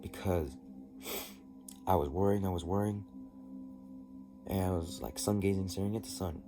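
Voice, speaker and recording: A man telling a personal story in a diary vlog, halting and rambling with many restarts. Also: deep voice. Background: music.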